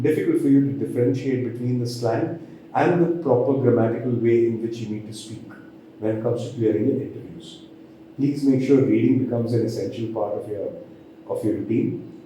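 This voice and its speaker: A man coaching pronunciation, his voice dark and mellow as he carefully demonstrates each sound. It is recorded in a very echoey room. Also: mid-range voice, a little hiss or hum. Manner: slow, deliberate demonstrations of sounds. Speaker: communication trainer. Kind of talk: pronunciation lesson.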